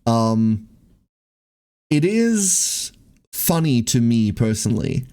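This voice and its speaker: A man's voice: medium pitch, big pitch swings, takes it slowly, mellow, clear, resonant tone. A young man livestreaming, venting casually to his viewers in a rambling way, with lots of "like" and swearing.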